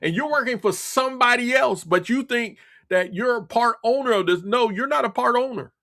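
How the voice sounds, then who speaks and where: A very high, pushed, bright male voice comes a little fast from this radio talk show host. His political monologue is blunt and scolding, with heavy repetition.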